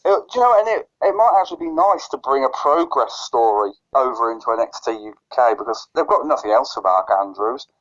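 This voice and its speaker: A man's voice: medium pitch, animated, a little fast, few pauses, fairly bright tone. Stammering man with a dull lo-fi sound. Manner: stutters and restarts phrases. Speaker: podcast co-host. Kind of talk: casual chat. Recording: lo-fi dull recording.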